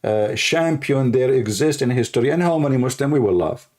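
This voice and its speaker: A man's voice: mid-range voice, brisk, darkish tone. A man giving a sarcastic, insulting rant in a video commentary, speaking English with loose grammar. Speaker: religious critic answering a video.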